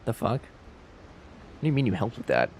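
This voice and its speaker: A man's voice: medium pitch, big pitch swings, unhurried, creaky, darkish tone, a little hiss or hum. Playful man teasing his chat. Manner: playful, teasing, jokey banter. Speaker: streamer. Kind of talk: casual live-stream chat with viewers.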